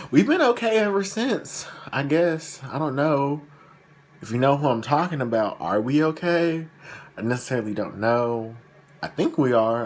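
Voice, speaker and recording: A man's voice: fairly low pitch, slight background noise. A young man who tells a casual story in a rambling, self-deprecating way, with lots of fillers. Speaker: vlogger.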